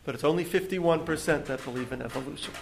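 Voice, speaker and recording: Male lecturer, slightly high voice, halting with ums and self-corrections. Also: creaky, a little hiss or hum. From United States. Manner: hesitant, many ums and restarts. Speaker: lecturer on Judaism. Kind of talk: public lecture to an audience.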